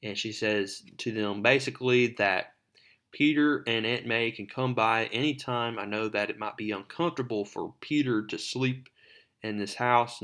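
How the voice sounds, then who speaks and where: A man's voice: on the low side, a bit bright. A man narrating a comic book recap in a conversational way with asides.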